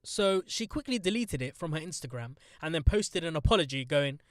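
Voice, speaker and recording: A young man chats bluntly on a podcast, swearing and turning sarcastic. His voice sits high and the close mic sounds dry, with no room around it. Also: animated, brisk, few pauses, no room sound. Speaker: podcast host. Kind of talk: casual podcast chat.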